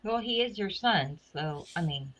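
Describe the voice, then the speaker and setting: A woman's voice: lowish voice, lively intonation, measured pace, a bit bright, a little hiss or hum, rough recording. A woman chatting casually as a guest, talking at length in a rambling way. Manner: rambling, talkative. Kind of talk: casual chat.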